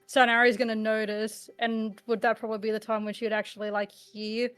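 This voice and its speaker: A woman taking part in a tabletop role-play as a player, chatting in an excitable way and giggling often. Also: a little high, brisk, clear, resonant tone, no echo. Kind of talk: casual role-play chat.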